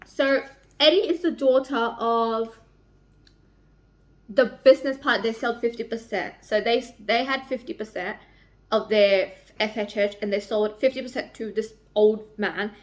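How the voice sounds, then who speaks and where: A woman's voice: on the high side, a little slow. A young woman talking casually in a book vlog, emotional and rambling, swearing a lot. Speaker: book vlogger.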